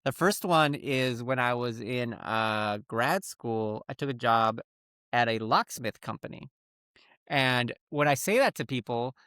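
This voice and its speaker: A man's voice: mid-range voice, expressive, measured pace, bright, forceful tone, smooth, no echo, clean studio sound. A man co-hosting a podcast, telling a story in casual chat and acting out phone calls in put-on voices. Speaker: podcast co-host.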